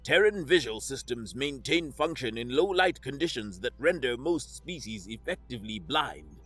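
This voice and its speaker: A man's voice: mid-range voice, big pitch swings, normal speed, fairly bright tone, breathy edge, soft background music. Man doing a precise, nervous alien guide. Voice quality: synthesized-sounding. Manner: precise, clipped.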